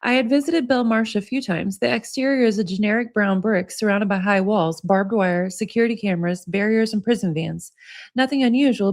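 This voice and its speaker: A woman hosting a casual livestream, chatting with viewers and reading passages aloud from a book. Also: mid-range voice. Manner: chatty, laughs often, reads passages aloud. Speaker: livestream host.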